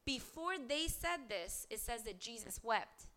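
A woman's voice: a little high, expressive, measured pace, fairly bright tone. A woman preaching a podcast sermon, reading scripture aloud and asking earnest rhetorical questions.

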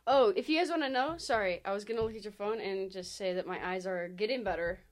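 A woman's voice: medium pitch, quick pace. A woman in a casual trivia chat with friends, playful and laughing as she teases the others. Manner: playful, laughing, teasing quizzer.

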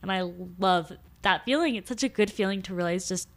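A young adult woman co-hosting a relaxed podcast conversation. She tells personal stories in an earnest, heartfelt way, at an everyday middle pitch. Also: a little fast. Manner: warm, earnest storytelling. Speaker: podcast co-host. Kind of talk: casual chat.

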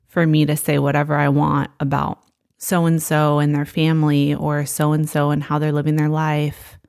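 Gravelly low woman, candid faith-talk co-host, dry sound. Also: darkish tone, no echo. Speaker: podcast co-host. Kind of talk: faith-based conversation.

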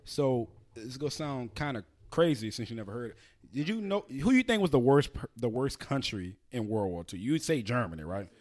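A man hosting a casual podcast with a lively, swinging pitch. He tells stories loudly and swears freely, with animated, excitable energy. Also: fairly quick. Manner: profane, loud, animated storytelling. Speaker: podcast host.

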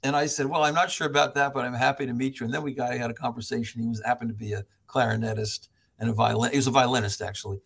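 A middle-aged American man, a professor, telling stories as a podcast guest, animated, laughing often and acting out other people's voices. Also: medium pitch, rapid-fire, creaky, hardly any pauses, breathy edge. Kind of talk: storytelling in an interview.

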